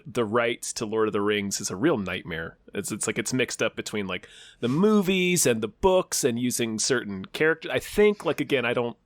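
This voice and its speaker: A man in mid pitch, co-hosting a casual film podcast. He talks haltingly and restarts his sentences often. The recording is dry and close, with no room sound. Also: fairly bright tone, dry recording. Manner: hesitant, many restarts and footnotes. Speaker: podcast co-host. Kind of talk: casual movie chat.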